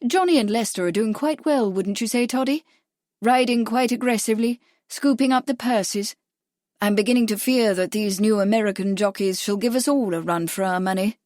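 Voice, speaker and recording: A woman's voice: medium pitch, normal speed, darkish tone, dry recording, studio quality, close to an everyday voice. A woman voicing a glamorous, teasing actress who is playing hostess, in a storybook reading. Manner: playful, gracious.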